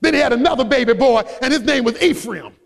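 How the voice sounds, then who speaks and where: High-voiced preacher in a reverberant hall. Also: male voice, animated, fast talker, creaky. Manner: emphatic preaching, rising to shouts. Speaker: pastor. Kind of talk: sermon.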